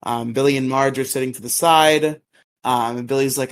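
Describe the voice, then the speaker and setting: A man co-hosting a casual podcast, retelling episodes with filler words and quick high-pitched character impressions. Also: a little hiss or hum. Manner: lively retelling, jumps into exaggerated high voices for characters. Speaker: podcast co-host recapping episodes. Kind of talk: casual recap chat.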